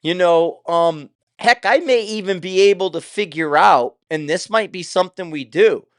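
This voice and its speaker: A man's voice: high voice, normal speed, a bit bright, no room sound, clean studio sound. An older man hosting his own show, talking in a casual, rambling way with loose, profane asides. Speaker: show host.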